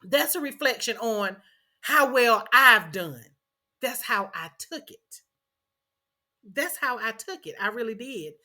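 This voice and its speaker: A woman's voice: a little high, lively intonation, takes it slowly, sharp tone. A middle-aged woman, earnestly telling a personal story as a podcast host and repeating phrases for emphasis.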